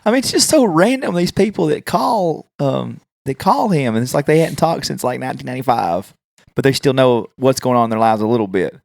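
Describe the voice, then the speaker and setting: A man's voice: medium pitch, lively intonation, fairly quick, vocal fry, darkish tone, no echo, clean studio sound. A man, co-hosting a podcast and telling a prank-call story in casual chat, often laughing. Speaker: podcast co-host.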